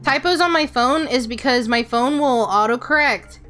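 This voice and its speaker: A woman's voice: sits high, moderate pace, sharp tone, soft background music. A woman VTuber streaming a game, chatting casually with her chat, answering questions and swearing offhand. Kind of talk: casual livestream chat while gaming.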